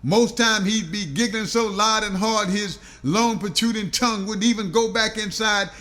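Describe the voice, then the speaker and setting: A man's voice: high voice, normal speed, pushed and bright. A man reading a comic audiobook story aloud, rambling through long lists with stumbles and repeats.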